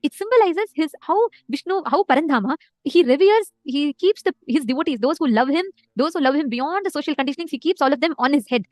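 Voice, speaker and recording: A woman giving a spiritual discourse, retelling a story earnestly with frequent pauses. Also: high-pitched, animated, a little mellow, no room sound. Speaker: spiritual teacher.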